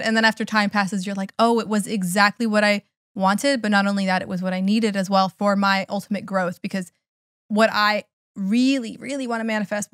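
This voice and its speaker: A woman's voice: medium pitch, a bit bright, no room sound, clean studio sound. A woman hosting a podcast, thoughtfully explaining her ideas in a casual chat. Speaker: podcast host.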